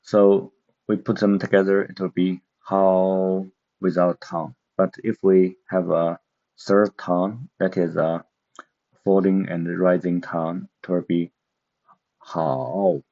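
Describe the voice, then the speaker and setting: Slow, low-voiced man teaching a lesson. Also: level tone, dark tone. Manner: slow, careful, with many fillers and pauses. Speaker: Mandarin teacher. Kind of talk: explaining a language lesson. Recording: dull, muffled lo-fi recording.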